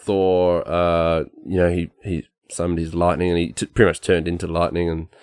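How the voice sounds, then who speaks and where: Brief: very low male voice, rambling fan enthusiasm, dry close sound. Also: completely flat delivery, moderate pace, darkish tone, clear, resonant tone, no room sound. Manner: enthusiastic, rambling with many fillers. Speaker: podcast co-host. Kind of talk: casual chat, movie review.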